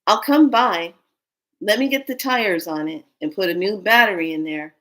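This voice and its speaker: A generous, easygoing man on a phone call, chatting warmly with an old friend, as a woman quotes him. He talks in an upbeat, friendly way. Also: high voice, moderate pace.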